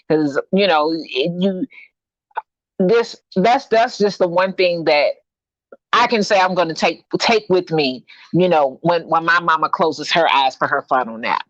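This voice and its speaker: A podcast guest talking casually in a relaxed, easygoing way. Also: mid-range voice, moderate pace, no echo. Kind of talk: casual chat. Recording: dull, dry lo-fi sound.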